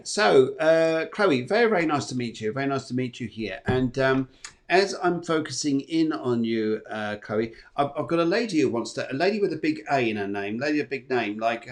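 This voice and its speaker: This is a man hosting a spiritual live show and giving psychic readings. He rambles, circles back, and repeats phrases as he relays messages. His voice sits at an ordinary male pitch. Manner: rambling, repeats phrases, tags sentences with "here". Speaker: host and psychic medium.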